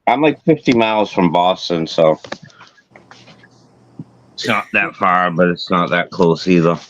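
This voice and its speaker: A man's voice: low voice, measured pace, dull audio. A man from New Bedford with a Massachusetts accent, chatting casually on a video call, rambling and repeating himself. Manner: rambling, repeats words, swears. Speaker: guest. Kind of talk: casual chat.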